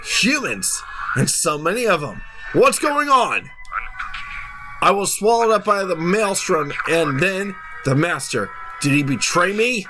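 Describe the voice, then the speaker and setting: Guy voicing a brooding demon clown villain from a game, low and dramatic. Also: very animated, unhurried, over music. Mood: bewildered. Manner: brooding, theatrical. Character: wounded furious male demon clown, grandiose.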